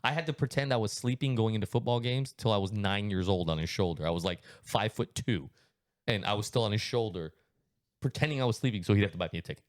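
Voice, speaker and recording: A man in his thirties hosting a podcast, telling stories in a casual, animated, swearing style and acting out voices. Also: on the low side, quick pace, no room sound, clean studio sound. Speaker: podcast host. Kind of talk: casual chat, storytelling.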